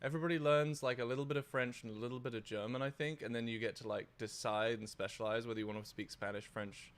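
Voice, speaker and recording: A man, a guest in a casual live-stream interview, talking in halting bursts with restarts and casual swearing. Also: mid-range voice, steady tone. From United Kingdom. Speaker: guest, former streaming platform engineer.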